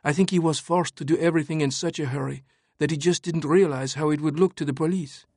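A man's voice: a little high, fast, breathy edge, dry recording, studio quality, voice pushed up. A man voicing an urgent young French woman cryptographer in an audiobook, speaking earnestly and pressing her point. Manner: earnest, pressing, explaining calmly. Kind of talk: audiobook narration.

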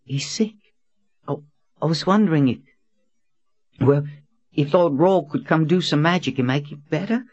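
A husky, stammering young boy. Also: a little high, normal speed, long pauses, darkish tone, dry recording, lo-fi sound, pitched above the performer's own voice. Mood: timid pleading. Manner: stammering, breathless pleading. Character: nervous poor young boy, eager and polite. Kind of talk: audiobook character voice.

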